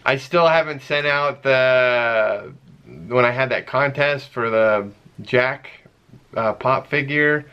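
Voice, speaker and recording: A middle-aged man casually chatting as he opens fan mail, earnest and emotional, halting with many fillers and reading letters aloud slowly. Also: medium pitch, sharp tone, lo-fi sound, slight background noise. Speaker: vlogger opening fan mail. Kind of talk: casual chat.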